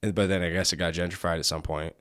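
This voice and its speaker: A man's voice: deep voice, level tone, quick pace, fairly bright tone, dry recording, studio quality. A young man hosting a podcast in casual, rambling chat, swearing often and leaning on fillers. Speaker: podcast host.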